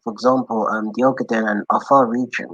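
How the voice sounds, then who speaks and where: A man's voice: medium pitch, level tone, fast talker, fairly bright tone, no room sound, highs cut off. A man joining a casual stream as a guest, speaking earnestly and switching between English and Somali. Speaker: guest caller. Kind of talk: casual online stream chat.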